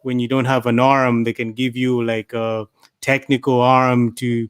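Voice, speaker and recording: A man's voice: mid-range voice, level tone, a little slow, clean tone, no echo, clean studio sound. A man on a discussion panel, telling stories in a rambling way and repeating words. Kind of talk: casual discussion.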